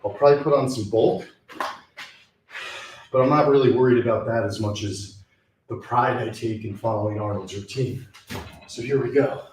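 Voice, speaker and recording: A man's voice: medium pitch, fairly even intonation, normal speed, pauses often, a little mellow, echoey room. A young man chatting casually while working out in a small gym, sighing and out of breath between exercises. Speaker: fitness vlogger. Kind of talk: casual talk during a workout.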